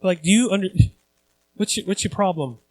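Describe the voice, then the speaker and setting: A man's voice: sits high, fairly quick. A male pastor preaching a conversational sermon, earnest and repeating phrases for emphasis.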